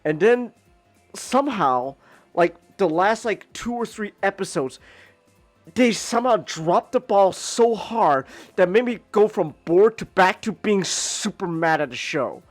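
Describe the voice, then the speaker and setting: A man hosting a casual podcast, ranting and stammering, repeating words and swearing, dropping to mutters then climbing to near-yells. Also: high voice, lively intonation, measured pace, no echo, soft background music. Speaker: podcast host.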